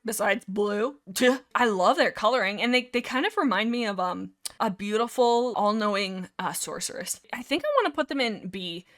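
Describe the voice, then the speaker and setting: A young woman giving casual, animated tier-list commentary, teasing herself and talking straight to each character. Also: medium pitch, moderate pace, few pauses. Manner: animated, self-mocking, talks to the characters directly. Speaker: YouTuber ranking characters.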